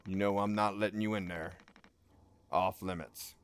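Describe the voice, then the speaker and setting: A man putting on a gruff stubborn old ship captain. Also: fairly even intonation, normal speed, dry recording, natural voice. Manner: low drawling delivery with folksy slang.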